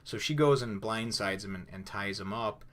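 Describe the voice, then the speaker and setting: A man with a fairly low voice gives a casual spoken review. He retells the story in a loose, rambling way. His talk is full of fillers and restarts. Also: moderate pace, fairly bright tone. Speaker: comic book reviewer.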